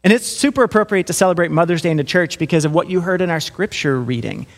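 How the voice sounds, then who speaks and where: A middle-aged man preaching a sermon, telling a lively personal story and acting out the voices of children and his mother. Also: on the high side, fast, big-room sound. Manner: lively storytelling, acts out voices of kids and mom. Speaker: pastor.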